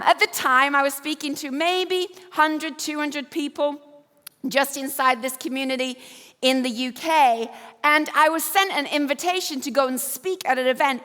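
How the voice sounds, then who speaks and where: English woman, 50s, keynote speaker, crisp bright voice, humorous storyteller, reverberant venue. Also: high voice. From Yorkshire, England. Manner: storytelling, self-deprecating humor. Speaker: conference speaker. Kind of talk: motivational keynote talk. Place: event stage. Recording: echoey hall.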